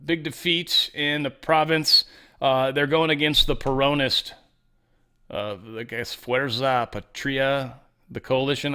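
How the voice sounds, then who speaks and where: A man's voice: mid-range voice, pushed and bright. Man, middle-aged, casual sarcastic commentary, rambling offhand delivery. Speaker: show host.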